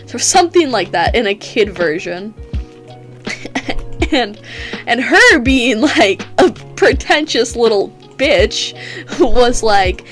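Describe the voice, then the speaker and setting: A woman's voice: on the high side, very animated, slow pace, faint music behind. A teenage girl telling rambling, profane stories in a casual chat while she plays a game, laughing often. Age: teens. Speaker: gaming streamer. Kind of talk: casual storytelling while gaming.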